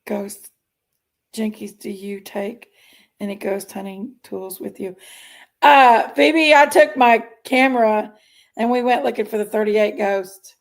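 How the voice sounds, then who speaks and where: A woman's voice: mid-range voice, unhurried, vocal fry. A woman hosting a casual livestream, chatting and greeting viewers by name as she reads their comments. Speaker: livestream host reading chat.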